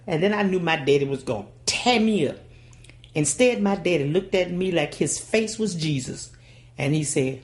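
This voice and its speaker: Older southern lady telling stories, low voice, lots of ups and downs, real dramatic. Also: sing-song, normal speed. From Louisiana, USA. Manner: folksy, dramatic delivery with acted-out voices. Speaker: storyteller. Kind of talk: oral storytelling.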